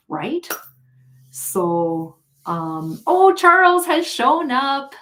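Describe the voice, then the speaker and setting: A woman's voice: mid-range voice, sing-song, takes it slowly, fairly bright tone. A woman hosting a tarot live stream, telling a story in a casual, chatty way and often laughing as she reads viewer comments. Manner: chatty, laughs often, many fillers and restarts.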